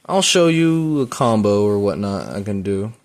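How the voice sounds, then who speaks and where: A man giving casual, rambling gameplay commentary, full of fillers, breaking into excited yelps while playing. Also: lowish voice, normal speed. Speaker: gaming YouTuber. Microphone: phone.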